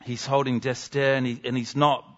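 Guy preaching a sermon, earnest and emphatic, goes quiet for drama, kinda dull lo-fi audio. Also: medium pitch, flat delivery, normal speed.

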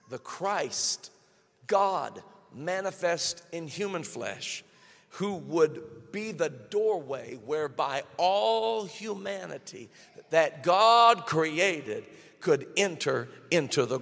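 A male pastor preaching a sermon emphatically, swelling to loud peaks and dropping to quiet lines. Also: on the high side, creaky. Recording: long hall reverb.

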